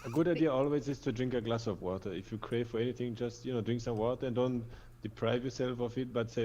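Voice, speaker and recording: A man's voice: medium pitch, steady tone, fast talker, dark tone, highs cut off. A man co-hosting a casual podcast chat, reflective and hesitant, often repeating words as he thinks.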